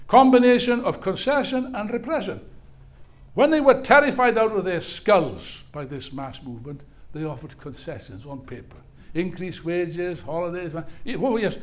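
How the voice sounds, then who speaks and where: An older man delivers a fiery political speech at a rally. His voice sits high for a man, and he drives his points home by repeating key words with force. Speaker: rally speaker.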